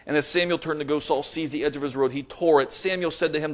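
Guy preaching a sermon, voice a bit on the high side, reads the bible parts with lots of drama. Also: quick pace, few pauses. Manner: reads scripture aloud with dramatic emphasis, rising to forceful peaks.

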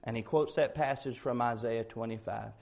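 A man preaching an expository sermon, building to loud, slowed, emphatic peaks on key words. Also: medium pitch, gravelly.

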